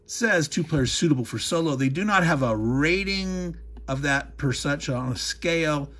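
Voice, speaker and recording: A man's voice: fairly high pitch, lively intonation, moderate pace, fairly bright tone. A man hosting a board game unboxing, talking casually, wandering off into digressions and chuckling as he goes. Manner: rambling, digressive, chuckles often.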